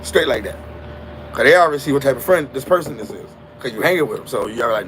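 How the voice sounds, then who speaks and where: Man, slangy storytelling, emphatic, gravelly voice, mid pitch. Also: quick pace, background noise. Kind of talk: casual street storytelling monologue.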